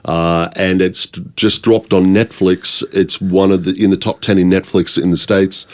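A man from Australia, an actor guest chatting casually in an interview, relaxed and joking with many fillers. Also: sits low, moderate pace.

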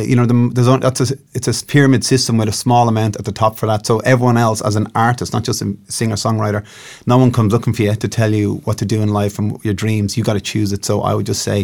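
A man's voice: on the low side, level tone, fast, creaky, a little mellow. A middle-aged man from Dublin with an Irish accent, a singer-songwriter chatting loosely in an interview with lots of fillers and restarts. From Ireland. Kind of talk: casual interview chat.

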